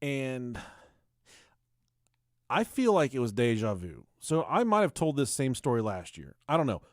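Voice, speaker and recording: A man, a young father, co-hosting a podcast, telling crude stories in a casual chat and jumping up high for quoted voices. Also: measured pace, no echo, clean studio sound. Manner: animated storyteller, shrieks high in acted quotes. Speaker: podcast co-host.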